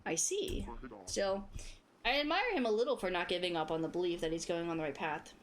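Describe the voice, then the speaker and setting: A woman's voice: lowish voice, expressive, a little fast, voice pushed down, close to an everyday voice. A woman voicing a polite, apologetic young hotel hostess who speaks formally and courteously. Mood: warm.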